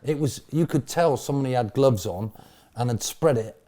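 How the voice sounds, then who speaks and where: A middle-aged man tells football stories in a pub interview with colourful slang. His voice swoops up and down as he rattles through the tale, breaking into loud laughing bursts. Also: medium pitch, moderate pace. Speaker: interviewee, former football manager. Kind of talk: animated storytelling interview.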